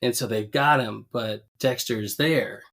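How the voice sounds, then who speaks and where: A man co-hosting a podcast, casually recapping a cartoon episode, laughing often and jumping into higher voices to quote characters. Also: unhurried, fairly bright tone. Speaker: podcast co-host.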